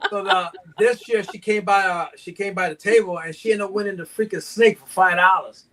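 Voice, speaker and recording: A high-pitched older man from Mexico chats casually as a guest, spinning jokey stories. He acts out his sales pitches to passersby with playful banter. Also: brisk, fairly bright tone. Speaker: guest reptile breeder. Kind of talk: casual live chat.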